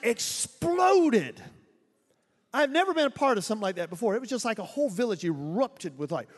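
A man with a strikingly high voice preaches in a church hall, his words trailing into long reverb. He tells missionary stories with animated energy, laughing often and mimicking sounds. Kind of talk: storytelling sermon.

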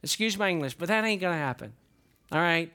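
An older man, a pastor preaching a folksy, animated sermon and asking the congregation questions. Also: high voice, quick pace, clean tone.

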